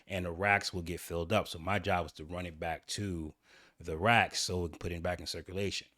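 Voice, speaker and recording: Guy with a lowish voice rambling thru his own story, lots of restarts, dry no-room sound. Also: a bit bright, dry recording. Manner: rambling, candid, with frequent restarts. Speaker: channel host. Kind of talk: personal story monologue.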